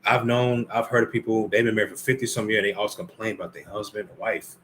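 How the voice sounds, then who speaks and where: Low-voiced man teaching the Bible casually. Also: little pitch movement, quick pace, fairly bright tone, a little hiss or hum. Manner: conversational, reads scripture aloud then comments; addresses listeners directly as brothers and ladies.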